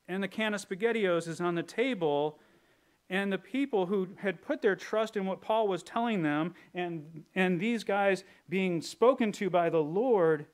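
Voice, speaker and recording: A male pastor giving a conversational, joking sermon, now and then slipping into playful character voices. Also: high voice. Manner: conversational, jokey, drops into put-on voices.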